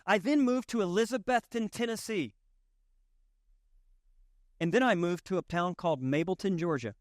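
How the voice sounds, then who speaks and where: A man with a Southern drawl preaches in a loose, conversational way, cracking jokes and hammering his points home through repetition. His voice sits high for a man. The sound is dry and close, with no room echo. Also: moderate pace. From Southern United States. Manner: folksy, joking, emphatic repetition. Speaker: pastor. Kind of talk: conversational sermon.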